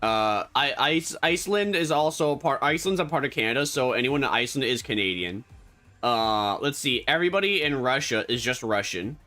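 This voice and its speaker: A man's voice: medium pitch, animated, brisk, pushed and bright, soft background music. A man chatting casually on a game stream, joking and rambling. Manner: joking, rambling, self-correcting.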